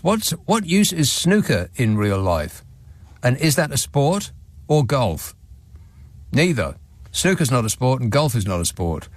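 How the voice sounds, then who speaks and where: In a radio studio, a man with a mid-range voice hosts a phone-in, reading listener messages with dry sarcasm and wry chuckles. The studio microphone gives a clean sound with no echo.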